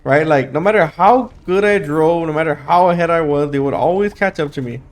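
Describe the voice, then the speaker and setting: A man's voice: fairly high pitch, a little fast. A young man with a dry throat and a sleepy late-night voice, chatting casually while playing a game and rambling through his thoughts with fillers. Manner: rambling, thinks aloud with fillers and restarts. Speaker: gaming YouTuber. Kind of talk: casual gameplay commentary.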